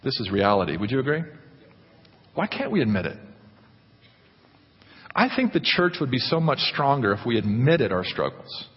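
A man preaching a sermon, animated, putting questions to the congregation. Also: medium pitch, moderate pace, pauses often, breathy edge. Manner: animated, asks the congregation questions, acts out quotes. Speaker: pastor. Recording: dull, echoey church hall recording.

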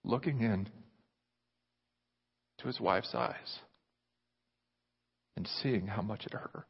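A man preaching a sermon, moving from loud, fervent delivery to hushed near-whispers. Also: on the low side, takes it slowly, creaky, long pauses, breathy edge. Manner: impassioned, rising loud then dropping to near whispers. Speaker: pastor. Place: church sanctuary. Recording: muffled reverberant hall recording.

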